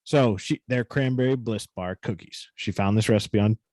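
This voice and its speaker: A man's voice: lowish voice, normal speed, darkish tone, no room sound. A man co-hosting a podcast, telling a story in casual, profane chat with a New England accent. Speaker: podcast co-host.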